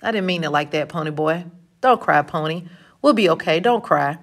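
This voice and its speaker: A woman's voice: low voice, expressive, normal speed. A woman reading the part of a frightened, guilt-stricken teenage boy in an audiobook, with a trembling, upset delivery. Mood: soothing.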